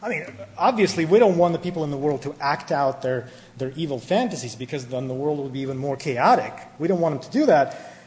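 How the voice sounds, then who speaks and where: A man preaching a sermon, animated and emphatic, often restarting his words. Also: fairly high pitch, fairly quick. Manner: animated, rising to emphatic peaks, with many restarts. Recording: hall reverb with faint ambient noise.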